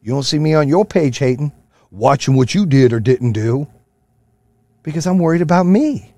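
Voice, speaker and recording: A man in his thirties or forties hosting a podcast, ranting with lots of profanity in a fired-up motivational way, then dropping to a low, quieter voice for stories. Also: lively intonation, normal speed, no room sound. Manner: swings from loud rants to low, quieter storytelling. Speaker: podcast host. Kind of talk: casual monologue.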